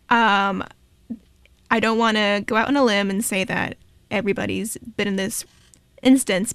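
A woman's voice: on the high side, no room sound. A young woman hosting a college radio show, chatty and joking in casual talk. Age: young adult.

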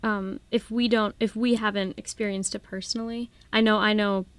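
A woman's voice: mid-range voice, fairly even intonation, normal speed, smooth, dry recording. A young woman from Minnesota, a guest on a student radio show, chatting casually and laughing easily. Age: young adult.

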